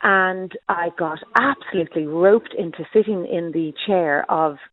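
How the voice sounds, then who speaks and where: A woman's voice: fairly low pitch, unhurried, a little hiss or hum. Chatty woman on a tinny phone line. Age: 40s. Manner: chatty, rambling storyteller with lots of asides. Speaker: caller. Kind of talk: phone-in call.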